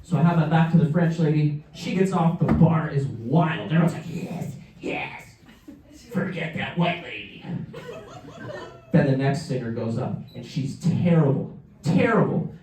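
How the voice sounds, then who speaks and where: Stand-up comic, male, lively storyteller, roomy distant live sound. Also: moderate pace. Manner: animated, acts out characters with pitch jumps. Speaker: stand-up comedian. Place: comedy show in a museum hall. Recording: roomy live venue, mic heard from afar.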